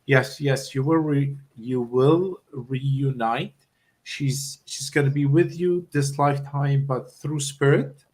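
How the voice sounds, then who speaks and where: A man giving a live psychic reading as the guest medium, his voice sitting at an ordinary middle pitch. He stumbles, restarts and repeats his words as he gets emotional. His delivery is sincere and halting. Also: a little mellow.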